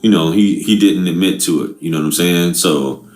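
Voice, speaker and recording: A man's voice: low voice, moderate pace, darkish tone, reverberant. A man hosting a reaction channel, talking in laid-back, slangy banter. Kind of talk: casual reaction commentary.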